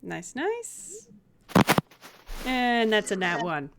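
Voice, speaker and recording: A woman's voice: mid-range voice, wildly swooping pitch, drawn-out words, very noisy. A woman narrating and running a tabletop role-playing game as game master, descriptive and giggly.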